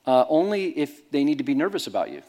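A man's voice: on the high side, fast talker. A man preaching a sermon, telling stories in a candid, emphatic way. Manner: animated storytelling, candid and emphatic. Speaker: pastor.

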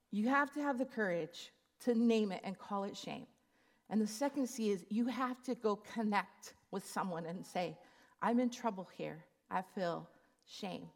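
A woman in her fifties giving a sermon, telling a personal story in an earnest, confiding way. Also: medium pitch. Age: 50s. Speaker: speaker.

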